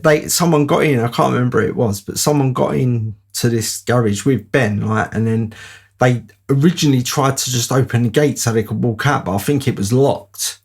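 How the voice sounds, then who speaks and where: Gravelly man telling a story. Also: medium pitch. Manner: rambling, with fillers and laughs. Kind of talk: casual spoken anecdote.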